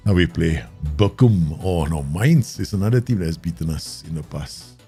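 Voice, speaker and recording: A man talks his viewers through his football management game, excitable and quick to laugh. His voice is low, warm and gravelly. Faint game music plays under him. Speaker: gaming YouTuber. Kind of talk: Football Manager let's play commentary.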